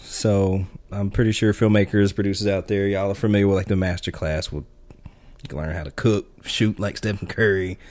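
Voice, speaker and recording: A man's voice: low voice, fairly even intonation, a little fast, a little mellow. A man co-hosting a filmmaking podcast, chatting casually and rambling with many restarts and fillers. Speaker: podcast co-host. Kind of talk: casual film chat.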